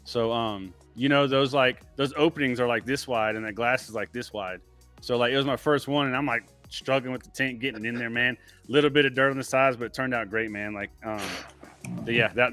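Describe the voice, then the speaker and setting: A man's voice: medium pitch, a bit bright. A man talking as a guest on a casual livestream, laid-back and rambling, filling his talk with "like" and "man.". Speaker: guest, window tinter.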